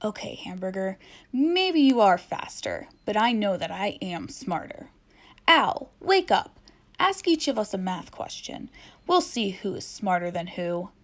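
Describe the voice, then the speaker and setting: A woman's voice: mid-range voice, very animated, a little slow. A woman voicing a boastful young girl ghost in a storybook reading. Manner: bragging, indignant.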